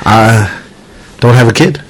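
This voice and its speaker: A man's voice: medium pitch, slow pace, a little hiss or hum, low-quality recording. A man hosting a podcast in casual chat, rambling and cursing freely while acting out the people in his stories. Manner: rambling, swears freely, acts out quotes. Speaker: podcast host.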